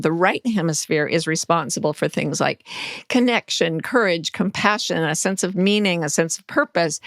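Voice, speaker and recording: A woman's voice: medium pitch, dry recording, clean studio sound. A woman life coach, a guest in an interview, explaining ideas earnestly, like a teacher. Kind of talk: conversational interview.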